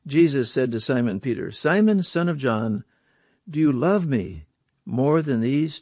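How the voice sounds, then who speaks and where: A man's voice: mid-range voice, a little mellow, no room sound. Emphatic male preacher, dry close sound. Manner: emphatic, asks the audience rhetorical questions. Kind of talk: sermon.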